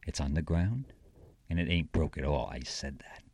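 A man's voice: rumbling low, moderate pace, vocal fry, a little mellow, breathy edge. A man recites a folksy tale in dialect, rambling and correcting himself like a child telling a story.

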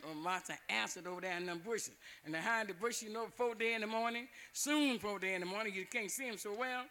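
A man's voice: high-pitched, fast, hardly any pauses, sharp tone. An older man telling a folk tale in a loose, repetitive way, chuckling as he goes. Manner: chuckling, dialect-rich, repetitive. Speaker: storyteller.

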